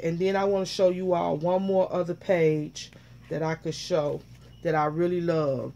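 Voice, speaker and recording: With a voice on the low side, a woman vlogger opens a package and talks casually, a bit flustered in her excitement, saying again and again how much she loves every item.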